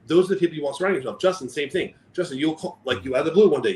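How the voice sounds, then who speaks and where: A man chatting on a live podcast in a loose, rambling way, full of restarts and asides. His voice sits a bit high for a man. A faint hiss of noise runs underneath. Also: racing, poor audio. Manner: animated, rambling, self-interrupting. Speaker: podcast co-host. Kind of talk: casual chat.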